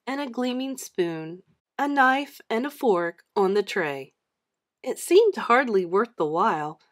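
A woman reads a children's chapter book aloud at an unhurried, measured pace. Her voice sits at a middle pitch and gives each line clear expression. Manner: slow, expressive reading. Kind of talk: read-aloud storytelling.

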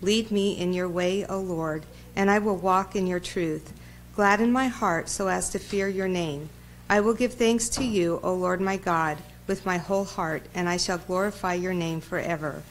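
A woman reading psalms aloud in a measured liturgical style during a church service. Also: on the low side, poor audio. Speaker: reader. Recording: church recording with faint noise.

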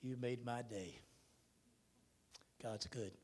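A male pastor preaching a sermon in a church, with emphatic bursts and drawn-out words. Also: mid-range voice, darkish tone. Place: church sanctuary.

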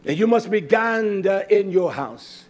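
A man preaching a fiery, scolding sermon that swings from loud outbursts to quiet asides. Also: sits high, expressive, measured pace.

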